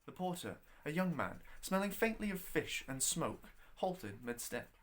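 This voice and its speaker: A man narrates his own story aloud in a wry, expressive reading voice, pitched a little above most men. His voice rises and falls widely, lingering on descriptions and questions. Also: measured pace.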